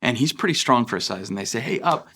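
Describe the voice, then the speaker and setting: A man's voice: on the low side, expressive, rapid-fire, a bit bright, slightly rough. A young man giving a sermon as a pastor, earnest and conversational, with frequent fillers and restarts. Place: church.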